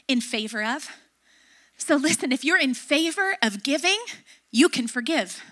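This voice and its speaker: A woman's voice: high-pitched, pushed and bright. A middle-aged woman pastor preaching a sermon, emphatic and repeating key phrases.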